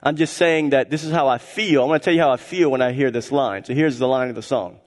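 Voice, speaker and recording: A man preaching a sermon as pastor, emphatic and repetitive, swinging between loud and hushed. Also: mid-range voice, quick pace. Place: church sanctuary. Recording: church hall reverb.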